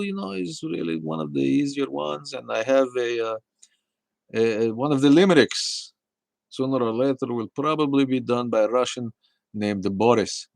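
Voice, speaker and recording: A man hosting a casual live talk show, rambling and swearing, with many halting restarts as he answers viewer chat. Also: mid-range voice, gravelly, no room sound, low-quality recording.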